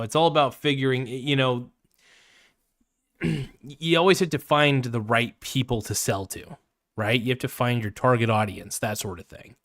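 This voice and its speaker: A man hosting a podcast in casual chat, blunt and animated, swearing freely. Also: mid-range voice, no echo, studio quality. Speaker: podcast host.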